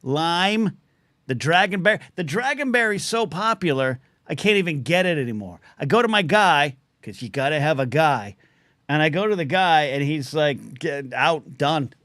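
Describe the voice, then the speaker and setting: A middle-aged man hosting a live call-in stream, chatting loosely and reading out chat names, his throat a little scratchy from shouting. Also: fairly high pitch, expressive, no echo, clean studio sound. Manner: chatty, quick asides, reads out chat names. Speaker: livestream call-in show host. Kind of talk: casual rambling live-stream talk.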